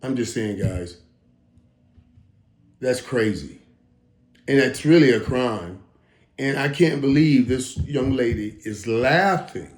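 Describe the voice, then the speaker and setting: A man in his fifties hosting a casual reaction monologue, talking emphatically with stammered restarts and dropping into low mutters. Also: slow, long pauses. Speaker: host. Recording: roomy echo.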